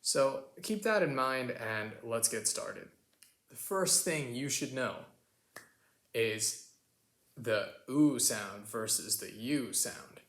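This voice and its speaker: An American man gives a relaxed pronunciation lesson, explaining each sound and then repeating it as an example. His voice is mid-pitched, and the room has a noticeable echo. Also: slow. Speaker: accent teacher.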